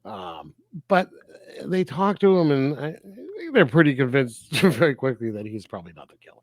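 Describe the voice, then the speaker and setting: A man co-hosting a film review podcast in casual chat, animated and laughing often as he retells scenes. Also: medium pitch, moderate pace, no room sound, clean studio sound. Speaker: podcast co-host reviewing films.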